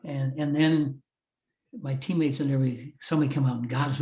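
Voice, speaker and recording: A man's voice: mid-range voice, level tone, quick pace, mellow. Older man telling an earnest story. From Iowa, USA. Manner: earnest, heartfelt storytelling with frequent restarts. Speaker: guest, former wrestling champion and motivational speaker. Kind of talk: storytelling in a podcast interview. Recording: roomy, distant, slightly dull audio.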